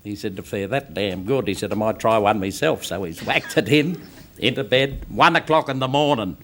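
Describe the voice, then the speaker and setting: A man's voice: lowish voice, moderate pace, fairly bright tone, a little hiss or hum. An Australian man reading out a joke in a dry, laconic way on a live television comedy show. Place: television studio with live audience.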